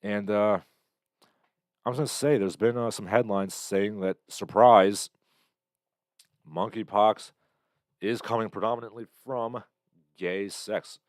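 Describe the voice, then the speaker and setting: A man who sounds to be in his thirties hosts his own livestream, talking in a very low voice and rambling bluntly with lots of fillers as he responds to chat comments in real time. His intonation stays fairly even and his pace is moderate. The recording is close and dry, with no room sound at all.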